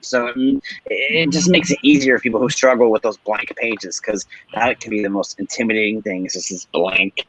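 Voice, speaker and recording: A man's voice: lowish voice, fairly even intonation, a little fast, hardly any pauses, crowd noise. A man who is a podcast guest, chatting casually and playfully acting out quotes in funny voices. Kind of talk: casual interview chat. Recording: dull lo-fi sound.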